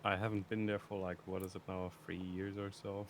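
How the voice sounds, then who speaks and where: A man's voice: sits low, level tone, fairly quick, a little hiss or hum. A young man streaming, chatting casually and rambling through a story with frequent laughter. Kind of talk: casual chat.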